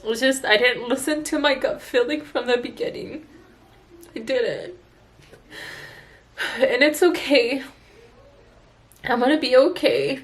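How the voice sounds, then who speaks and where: A woman esthetician talking to her viewers in a personal vlog, tearful and earnest, halting with sighs and restarts. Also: high voice. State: tearful, crying. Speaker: esthetician vlogger. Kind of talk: emotional personal vlog talk.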